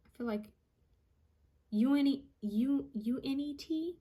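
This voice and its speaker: A woman psychic medium reading out channeled messages, repeating each word she hears and pausing often with ums. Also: high-pitched, dark tone. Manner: hesitant with frequent ums.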